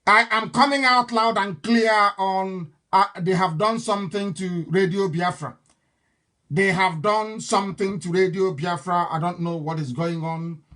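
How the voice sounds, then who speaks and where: A man's voice: high-pitched, bright, forceful tone. A man giving a live online broadcast as a political speaker, combative, defiant and emphatic.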